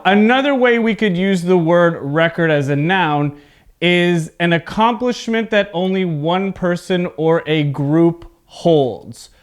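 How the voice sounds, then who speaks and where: Slow, clear-spoken man teaching English. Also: high voice. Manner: carefully enunciated, repeats words for students. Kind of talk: slow, clear pronunciation lesson. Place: home recording for video.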